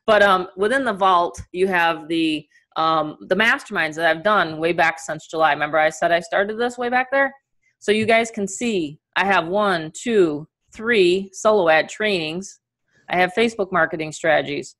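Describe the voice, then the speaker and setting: A middle-aged woman with a New York accent who runs a live webinar from a video call. Her voice sits a little low, and she talks with plenty of energy, chatting freely and laughing as she walks her listeners through a training. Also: moderate pace, a bit bright. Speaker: online business coach.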